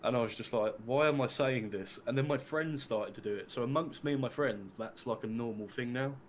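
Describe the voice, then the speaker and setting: A man's voice: mid-range voice, fairly quick, slight background noise. A young man with an English accent chatting casually, rambling and filling his talk with "like" and the odd swear word. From England. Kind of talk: casual chat.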